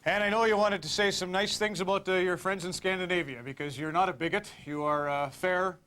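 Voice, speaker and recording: A man co-hosts a TV hockey segment, feeding his partner teasing questions. His voice sits high and his words come quickly. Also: fairly even intonation, fairly bright tone, smooth. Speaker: TV sports co-host. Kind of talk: TV sports segment banter.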